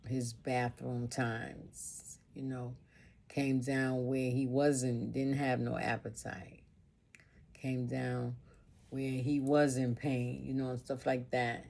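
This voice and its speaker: A woman's voice: a bass voice, level tone, takes it slowly, creaky, darkish tone. Earnest woman telling a heartfelt story. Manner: earnest, repetitive, informal, piling up lists. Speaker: vlogger telling a personal story. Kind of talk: emotional storytime monologue.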